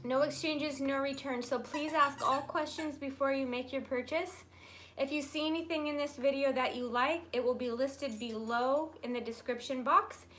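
A woman hosting a casual live-stream handbag sale from a room at home. She chats in a friendly way and coos at her pets in a high voice. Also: fairly even intonation, moderate pace, a bit bright, slight background noise. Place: room at home in natural light, pets nearby.

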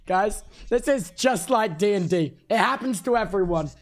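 Brief: male streamer, high pitch, excitable, swears, comic running commentary. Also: moderate pace. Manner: excitable, swearing, joking narration of mishaps. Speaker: streamer commentating a live event. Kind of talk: casual live-stream commentary.

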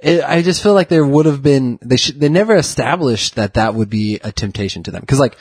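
Man, podcast co-host, husky and low, dry close sound. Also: lively intonation, brisk, darkish tone, no echo. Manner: laughs often, chatty. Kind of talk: casual chat.

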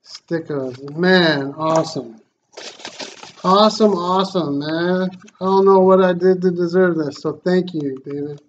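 A man hosting a fishing channel, unboxing gifts in a casual vlog, excited and full of thanks. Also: high-pitched, measured pace. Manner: excited, grateful, exclaiming. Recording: slightly dull lo-fi sound, faint noise.

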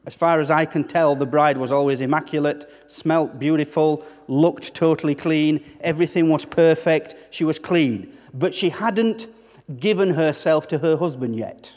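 A man's voice: fairly high pitch, normal speed, darkish tone. A man preaching a sermon as a pastor, emphatic, throwing rhetorical questions to the congregation and repeating words as he builds a point. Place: church hall. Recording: long church-hall reverb.

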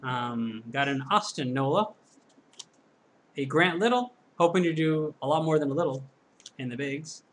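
A man's voice: fairly high pitch, moderate pace, fairly bright tone, slight background noise. A man hosting his own channel, casually talking to himself while opening packs, self-deprecating and chatty, from the corner of a room at home. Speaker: card-breaking channel host. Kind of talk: casual solo pack-opening commentary.

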